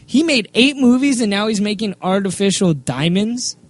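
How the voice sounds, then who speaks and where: High-voiced excitable podcast co-host, man. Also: moderate pace. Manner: excitable, laughs often, teasing. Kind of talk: casual banter.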